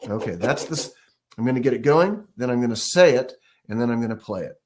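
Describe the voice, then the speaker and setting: A man teaches ukulele in a relaxed, step-by-step way at an ordinary pitch, now and then counting the beats or scatting a rhythm aloud. Faint ukulele strumming sits underneath his voice. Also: a little fast, over music. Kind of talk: casual music lesson. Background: ukulele playing.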